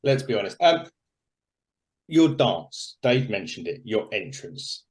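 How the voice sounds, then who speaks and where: A man's voice: lowish voice, big pitch swings, slow pace. A man co-hosts a podcast interview in a casual way. He stammers over the start of his sentences, then asks his questions with enthusiasm. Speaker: podcast co-host.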